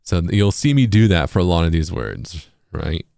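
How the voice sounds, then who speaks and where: A low-voiced man with an East Coast accent explains his process in a loose, casual way. He leans on fillers and says words aloud to show their sounds. The recording is close and dry. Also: moderate pace, gravelly, no room sound. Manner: relaxed, filler-heavy, sounds words out as examples. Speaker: music producer and streamer.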